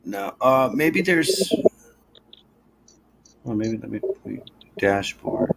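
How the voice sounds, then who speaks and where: A man's voice: lowish voice, lively intonation, creaky, fairly bright tone. A man hosting a live stream, chatting casually and muttering to himself as he clicks through screens. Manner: rambling, halting, talks to himself while clicking around. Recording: noisy home stream audio.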